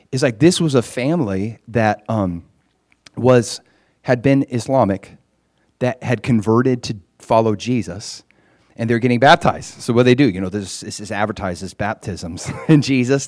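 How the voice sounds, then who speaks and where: A man casually recounting a ministry trip, growing animated and loud as the story builds. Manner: animated, gets loud and high when excited; frequent fillers and restarts. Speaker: traveling minister.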